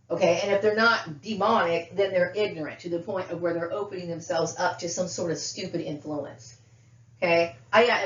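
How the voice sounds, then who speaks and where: A woman vlogger delivering an emotional, agitated monologue, repeating herself and checking in with "okay?" and "you know what I mean?". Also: on the low side. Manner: agitated, repetitive, keeps asking "okay?". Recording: dull, echoey room, mic far off.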